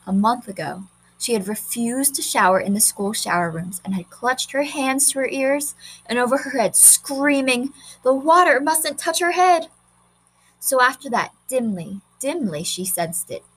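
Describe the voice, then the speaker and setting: A woman reading a short story aloud in a measured, expressive way. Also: mid-range voice, slightly rough, low-quality recording. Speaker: narrator.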